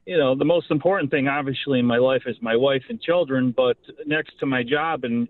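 A man's voice: medium pitch, fairly quick, hardly any pauses. A man in his fifties from Buffalo, calling into a radio show and talking earnestly in a rambling way, full of "you know.". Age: 50s. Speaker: caller. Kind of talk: call-in radio chat. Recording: tinny phone line, dry.

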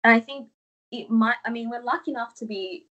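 Husky woman making her point. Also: on the high side, highs cut off. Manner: animated, quick to laugh, argues her point. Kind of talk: casual chat.

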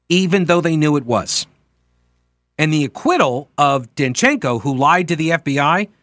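A man with a fairly high voice delivers a political talk radio monologue. He is emphatic and conversational, and he corrects himself on air. The sound is dry and close, with no room around it. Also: fairly bright tone, no room sound. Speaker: radio talk show host.

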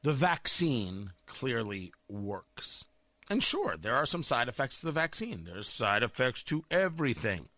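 A man's voice: mid-range voice, very animated, unhurried, bright, forceful tone, no echo. A man delivering a sarcastic, combative opinion monologue as a talk show host.

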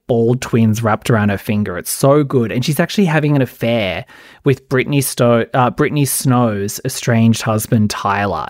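A man's voice: medium pitch, a little mellow, no room sound, studio quality. A man hosting a podcast, chatting casually and sarcastically about reality TV with a constant stream of "like". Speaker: podcast host. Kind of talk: casual solo pop-culture commentary.

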